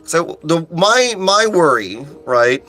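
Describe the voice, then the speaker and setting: Excitable, bright-voiced man streaming. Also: fairly high pitch, slow. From United States. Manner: chatty and excitable, answering chat with loud exclamations, frequent restarts. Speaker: audiobook narrator live-streaming. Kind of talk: casual livestream chat with viewers. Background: faint chill music he put on.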